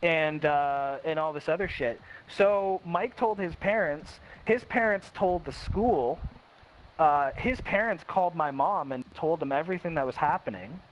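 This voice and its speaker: A young man telling a personal story in a blunt, casual way, swearing heavily and acting out quotes. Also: a little high. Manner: blunt, heavy swearing, quick quoted voices, restarts. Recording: dull lo-fi with faint hiss.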